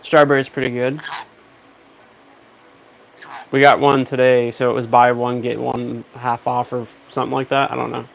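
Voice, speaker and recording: A man's voice: mid-range voice, flat delivery, fairly quick, creaky, background noise. A man hosting a casual livestream, chatting with viewers and coaxing his pet bird. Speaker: pet parrot owner streaming.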